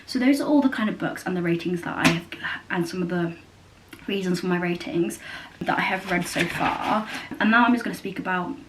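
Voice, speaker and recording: A woman's voice: on the low side, brisk, background noise. A young woman chatting casually at home, rambling with lots of fillers and self-corrections. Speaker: book vlogger. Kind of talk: casual chat. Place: new house, indoors.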